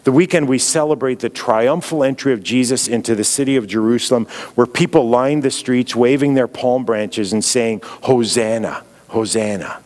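A middle-aged man with a Canadian accent, preaching as a guest speaker in an earnest, reflective way, dropping softly when he quotes. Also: mid-range voice, moderate pace, hardly any pauses. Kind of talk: sermon.

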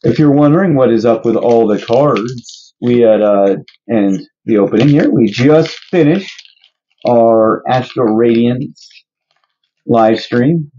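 A man's voice: medium pitch, takes it slowly, highs cut off, a little hiss or hum. A man hosting a casual card-opening video, joking and guessing playfully. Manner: playful, jokey, excitable guessing. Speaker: channel host opening card packs. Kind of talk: casual chat.

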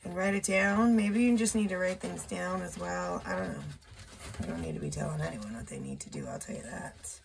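A woman doing a casual solo tarot reading, slow and musing, thinking aloud with blunt asides. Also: fairly low pitch, animated, gravelly, heavy background noise. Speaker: tarot reader. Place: indoor room with a window.

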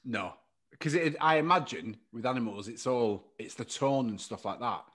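A man's voice: medium pitch, expressive, normal speed, a bit bright. A man co-hosting a podcast, chatting casually, laughing often and joking around. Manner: playful, laughs often, breaks into silly voices. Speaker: podcast co-host.

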